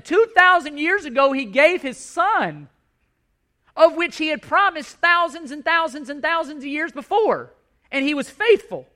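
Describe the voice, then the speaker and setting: A man's voice: very high voice, lively intonation, moderate pace, bright, forceful tone. A male pastor preaching a sermon, impassioned and emphatic, repeating his key points.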